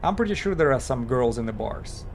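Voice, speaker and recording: A man casually talking while he streams a game, halting and chatty, with many fillers and restarts. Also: medium pitch, lively intonation, creaky, faint music behind. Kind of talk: casual live-stream commentary.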